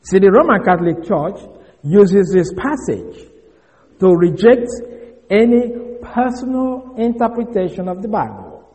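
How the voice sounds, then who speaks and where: A man gives a Bible lesson as a preacher, his voice pitched high and swinging widely as he works through Greek terms. He spells words out letter by letter. The sound rings with the long reverb of a large hall. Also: sing-song, a little slow, a little mellow. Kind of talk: Bible teaching.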